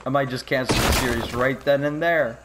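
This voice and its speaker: A young man giving casual gaming commentary, swinging from mock grief to frantic yelling and swearing. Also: mid-range voice, steady tone, fairly quick, noisy background. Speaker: gameplay commentator.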